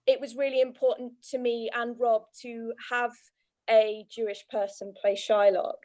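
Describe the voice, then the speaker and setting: A woman's voice: on the high side, a little mellow. A woman speaking on a casual video-call panel about casting, earnest and hesitant, with many fillers. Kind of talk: casual post-show panel chat.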